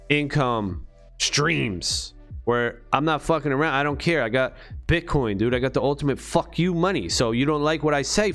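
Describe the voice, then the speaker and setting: A man's voice: medium pitch, a bit bright. A man talking to his channel in a rambling, profane monologue full of rhetorical questions. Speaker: crypto vlogger.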